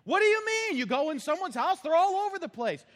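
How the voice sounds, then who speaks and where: A man voicing an older, hard-of-hearing husband who yells across the house about his new TV. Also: very high voice, sing-song, a little slow, in a large hall, voice pushed up, heavily acted. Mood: arguing. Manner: loud and raised, yelling across the house.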